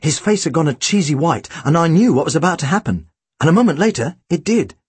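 A man's voice: on the high side, big pitch swings, fast talker, husky, dry recording. A man reading a first-person storybook aloud with a dry, wry delivery. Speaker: audiobook narrator.

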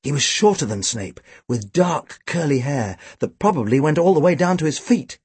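A man narrating a storybook with a dry, wry, expressive delivery. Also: fairly high pitch, moderate pace, husky, no room sound. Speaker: audiobook reader.

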